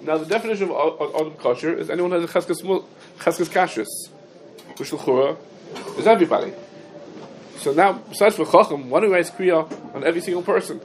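Rebbe, slightly high voice, sing-song lecture cadence, faint room noise, fields student questions. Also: male voice, brisk. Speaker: Talmud teacher giving a class. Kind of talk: yeshiva-style halacha lecture.

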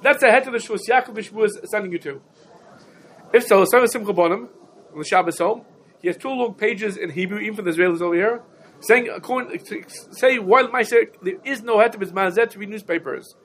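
A high-pitched man gives a Talmudic lesson. He fires off rhetorical questions and hammers points home through repetition. A faint hiss of noise sits under the voice. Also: fairly quick, a bit bright, low-quality recording. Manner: rhetorical questions, emphatic repetition, Yiddish-Hebrew terms. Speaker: Torah teacher. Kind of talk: Talmudic shiur lecture.

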